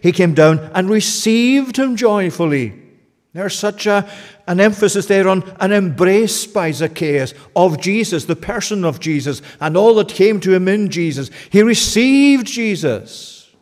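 A man's voice: high voice, measured pace, a little mellow, long reverb tail. A male pastor preaching a sermon with earnest, urgent, pleading appeals to his listeners.

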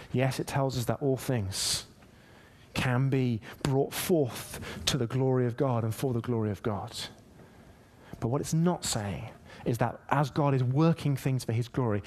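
A man preaching a sermon, reading scripture aloud and acting out quotes with rising emphasis. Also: medium pitch. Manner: animated, emphatic preaching with dramatic voiced quotes. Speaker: pastor.

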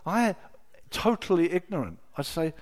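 A middle-aged man preaching a sermon, telling personal stories with emotion, dropping to a hush and then rising to loud exclamations. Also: high-pitched, sing-song, moderate pace. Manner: emotional, swings from hushed storytelling to loud exclamation.

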